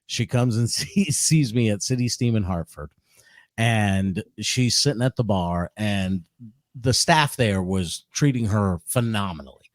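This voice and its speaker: A man's voice: on the low side, expressive, unhurried, no echo, studio quality. A middle-aged man, a comedian co-hosting a podcast, telling a story in a rambling way full of restarts. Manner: rambling, self-interrupting storyteller with repeated restarts. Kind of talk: casual storytelling chat.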